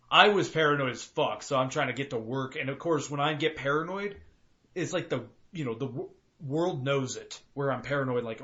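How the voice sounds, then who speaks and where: A man's voice: mid-range voice, sharp tone. A young man from Colorado co-hosting a podcast, chatting casually with lots of swearing and acting out his car and other drivers. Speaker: podcast co-host. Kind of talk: casual chat. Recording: dull lo-fi podcast audio.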